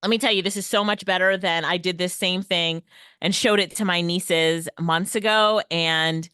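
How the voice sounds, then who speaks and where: A woman's voice: lowish voice, steady tone, normal speed, pushed and bright, clear, resonant tone, no room sound, studio quality. Upbeat woman teaching a tech class. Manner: upbeat, laughs often. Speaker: workshop presenter. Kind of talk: online tech lesson. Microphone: headset or desk mic, video call.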